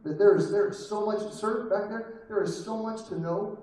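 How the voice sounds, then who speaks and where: A man in his thirties performs a self-deprecating stand-up set with crowd work, recorded live from a distance at a venue where the audience's laughter is audible. His voice sits high, steady and warm, and runs a little fast. The room is echoey and the crowd can be heard.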